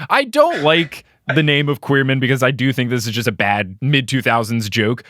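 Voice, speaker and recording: A young adult man hosting a casual podcast, recapping a book with animated quote readings and frequent laughter. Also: moderate pace, hardly any pauses, dry recording, studio quality. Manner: reads quotes aloud with big pitch jumps, laughs often. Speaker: podcast host.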